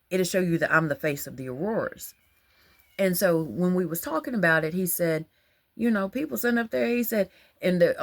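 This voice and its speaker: A woman, talking in a rambling, animated, colloquial monologue about religious ideas. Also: on the low side, creaky. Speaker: religious vlogger. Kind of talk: casual monologue.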